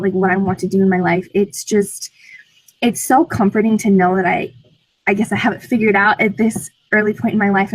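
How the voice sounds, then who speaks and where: A teenage girl, a program alumna with a medium-pitched voice, eagerly answers interview questions about her experiences, sprinkling in lots of "like." The recording is rough but has no echo.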